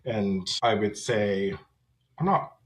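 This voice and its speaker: A man in his thirties shares his personal story as a podcast guest, speaking candidly and reflectively. His voice sits a little on the low side. The recording carries a noticeable roomy echo. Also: expressive, slow pace. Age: 30s. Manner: reflective, candid, with small laughs. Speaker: podcast guest, memoir author.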